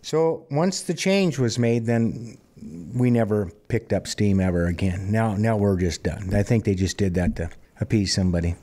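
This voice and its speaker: A man in his fifties from Montana, a singer-songwriter telling plainspoken stories in a relaxed interview. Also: lowish voice, moderate pace. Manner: relaxed, plainspoken anecdotal storyteller. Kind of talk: conversational storytelling interview.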